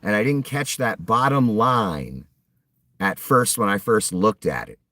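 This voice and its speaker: A man's voice: on the low side, lively intonation, measured pace, pushed and bright, no echo, recorded from a distance. A man giving a casual, profane political rant, sarcastic and often acting out mocking quotes. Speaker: political commentator. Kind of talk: casual ranting commentary.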